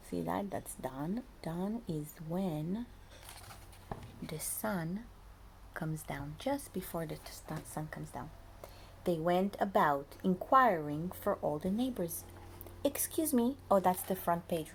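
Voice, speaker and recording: A woman reading a picture book aloud to young children as their preschool teacher, lively and often dropping to a soft whisper to talk to them. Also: fairly low pitch, takes it slowly, slight background noise.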